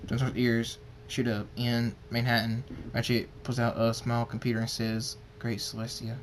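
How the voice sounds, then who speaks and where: A man reading a fan story aloud, halting and restarting words. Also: mid-range voice, monotone, slight background noise. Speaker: fan fiction reader.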